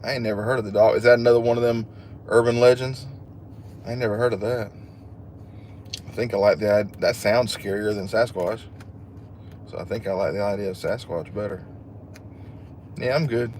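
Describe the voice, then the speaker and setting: A man's voice: on the low side, steady tone, fairly quick, long pauses, a little mellow, slight background noise. Chatty man on a livestream. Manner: chatty and joking, laughs at himself. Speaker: livestream host. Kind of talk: casual live chat, reading viewer comments.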